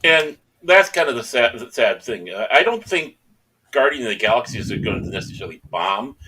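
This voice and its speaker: A man's voice: mid-range voice, very animated, a little fast, noisy background. A man on a podcast giving opinions in casual chat, with jokey asides. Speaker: podcast co-host.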